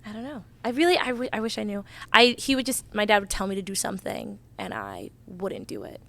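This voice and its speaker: A woman talks casually on a podcast with a lively, bouncing pitch. Her voice has a gravelly, creaky edge, and she laughs often as she tells childhood stories. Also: a little fast. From Maryland, United States. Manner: laughing, playful. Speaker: guest, professional soccer player.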